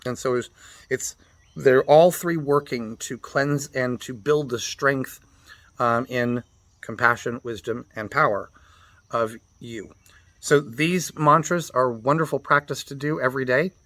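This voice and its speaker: A man leads a mantra lesson in a middle-pitched voice, spelling out sounds and chanting slowly. The recording is dry and close, with almost no room sound. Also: fairly bright tone, no echo. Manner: patient explainer, spells out pronunciations and chants the syllables slowly. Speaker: meditation teacher. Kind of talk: teaching mantra recitation.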